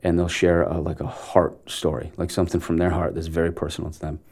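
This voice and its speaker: A man in his forties, an actor guest, telling stories earnestly in an interview, with halting restarts. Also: deep voice, level tone, darkish tone. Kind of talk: conversational storytelling interview.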